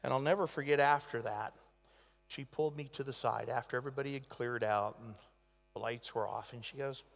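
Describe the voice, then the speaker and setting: A man giving a motivational convention speech, telling stories dramatically and swinging between loud and hushed delivery. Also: mid-range voice, fairly even intonation, fairly quick, creaky, soft background music. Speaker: motivational speaker. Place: large convention hall. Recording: echoey convention hall.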